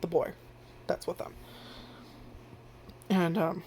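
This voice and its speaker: A woman's voice: lowish voice, takes it slowly, a little hiss or hum. A woman giving casual first-impressions commentary on an anime, rambling with lots of filler words and frequent swearing. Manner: animated, jumps into loud acted-out reactions. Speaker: anime reviewer.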